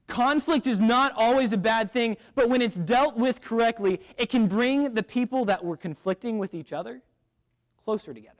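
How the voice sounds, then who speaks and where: A man's voice: extremely high pitch, moderate pace. A young man giving a chapel sermon at a school, telling a funny personal story before turning to a Bible passage. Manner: lively, joking storyteller. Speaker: chapel speaker.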